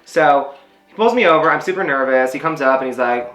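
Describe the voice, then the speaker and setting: A man's voice: medium pitch, expressive, brisk, fairly bright tone, roomy sound. A man telling a story in a casual, rambling way while he does his skincare routine. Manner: rambling, filler-heavy chat. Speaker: beauty vlogger.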